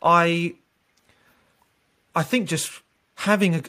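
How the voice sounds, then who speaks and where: Lively, laughing man telling stories. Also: on the high side, slow pace. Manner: animated, laughing storyteller with many restarts. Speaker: recruiter. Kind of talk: casual storytelling interview.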